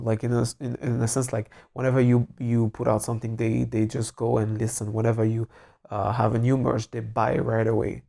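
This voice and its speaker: A man's voice: medium pitch, vocal fry, mellow. A man hosting a solo podcast, giving earnest, rambling social media advice with many restarts.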